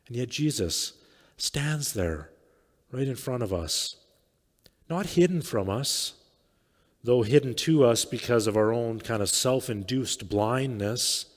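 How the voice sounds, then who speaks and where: A man preaching a sermon as pastor, speaking reflectively, often letting phrases fade quietly. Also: medium pitch, expressive, slow pace. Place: church sanctuary. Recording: long church reverb.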